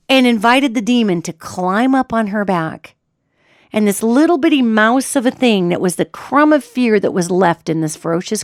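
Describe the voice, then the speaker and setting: A middle-aged woman hosting a radio show, telling a story in a chatty, animated way with restarts. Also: on the high side, dry recording, clean studio sound. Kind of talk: casual storytelling monologue.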